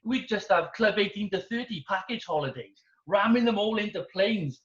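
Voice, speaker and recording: A British man doing wry, deadpan observational stand-up comedy. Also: sits high, normal speed. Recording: roomy, dull-sounding.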